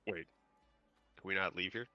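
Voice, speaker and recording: Terse low-voiced male player, dull mic. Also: steady tone, moderate pace, clean tone, no room sound, faint music behind. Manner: terse, low-key, mumbling. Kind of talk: casual tabletop play.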